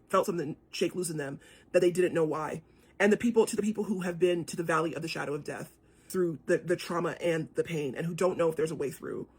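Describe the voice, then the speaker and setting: A woman's voice: fairly low pitch, breathy edge. A woman speaking to camera in an earnest, impassioned monologue, often repeating phrases for emphasis. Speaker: cultural commentator.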